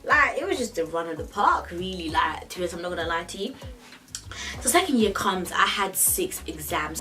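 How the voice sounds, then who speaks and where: A young woman vlogger telling a story in a chatty, animated way, with many fillers. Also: lowish voice, distant mic, low-quality recording. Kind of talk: casual story time vlog.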